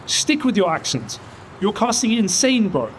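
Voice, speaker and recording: A man's voice: sits high, sing-song, normal speed, a little hiss or hum. A male caster lecturing a colleague, frustrated.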